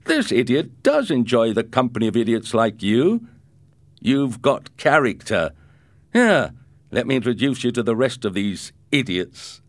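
A man voicing a tough, sarcastic teenage boy who leads a school gang, shouting and mocking. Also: mid-range voice, big pitch swings, a little slow, dry recording, voice pushed up. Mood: amused. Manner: loud, mocking, raised voice.

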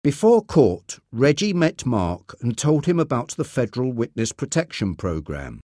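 A man reading a story aloud as narrator, slowly, clearly and deliberately. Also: medium pitch, sing-song, mellow, no echo, studio quality. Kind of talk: scripted narration of a graded reader.

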